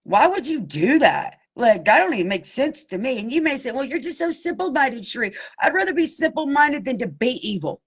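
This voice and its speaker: A woman's voice: sits high, big pitch swings, a little fast, hardly any pauses, slightly rough. A woman from Pennsylvania speaking straight to camera in a blunt, impassioned plea, cussing and addressing her listeners directly. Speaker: abuse survivor seeking justice.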